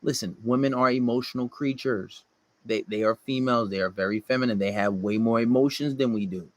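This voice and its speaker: A man's voice: mid-range voice, a little fast, no echo. A man delivering a blunt, profane dating-advice monologue to male listeners, often mocking the people he quotes.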